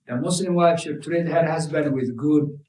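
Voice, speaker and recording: A man's voice: fairly high pitch, normal speed, darkish tone, a little hiss or hum. A man preaching a sermon to a congregation, emphatic and repetitive, mixing Arabic religious terms into his English. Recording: echoey room, mic at a distance.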